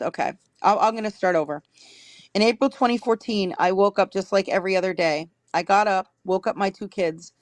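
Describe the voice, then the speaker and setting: A woman's voice: medium pitch, no room sound. A woman hosting a livestream, reading viewers' written stories aloud and stopping now and then to correct herself. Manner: reads steadily, stops to correct herself.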